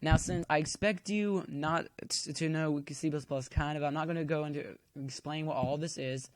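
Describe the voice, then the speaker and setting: A man's voice: fairly high pitch, fairly even intonation, normal speed. A man giving a casual coding tutorial at home, chatty and rambling, filling the waits with corny jokes. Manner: chatty, cracks corny jokes while waiting. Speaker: tutorial maker.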